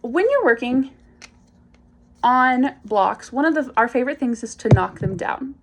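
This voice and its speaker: A woman explaining speech activities to parents, clear and encouraging, acting out the example phrases with strong emphasis. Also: high voice, expressive, a little slow. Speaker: speech and language instructor. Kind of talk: instructional demonstration for parents.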